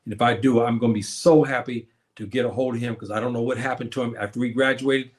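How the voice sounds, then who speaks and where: A man's voice: mid-range voice, fairly even intonation, fast. Older man rambling on a livestream. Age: 70s. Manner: rambling, reminiscing, many fillers and restarts. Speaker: livestream host. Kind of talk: casual livestream chat to viewers.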